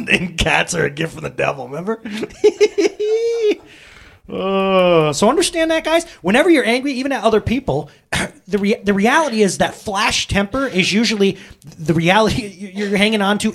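A man in his thirties preaching a sermon, telling everyday stories with lively swings and sudden loud outbursts. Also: on the high side, slightly rough. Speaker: pastor.

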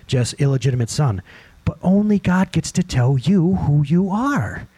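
A pastor preaches a lively sermon in a church hall, his high, husky voice swooping up and down at normal speed. He addresses the congregation directly, asks them question after question, and slips into acted-out quotes.

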